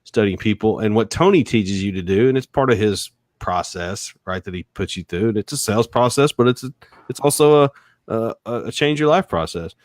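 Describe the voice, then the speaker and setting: A man, a sales and negotiation expert talking in an animated podcast interview, acting out quoted voices and laughing often. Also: fairly low pitch, fairly quick, dry recording.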